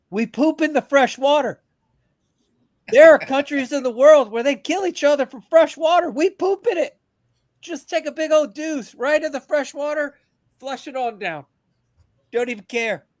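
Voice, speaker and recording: Animated, profane veteran ranting. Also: male voice, very high voice, no room sound, clean studio sound. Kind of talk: casual podcast rant. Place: abroad, remote from the hosts.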